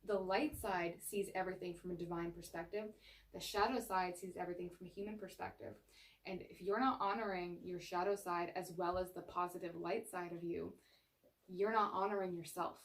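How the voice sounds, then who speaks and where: A woman's voice: mid-range voice, distant mic. A woman giving a casual, frank tarot reading, laughing often and acting out the thoughts she quotes. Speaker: tarot reader.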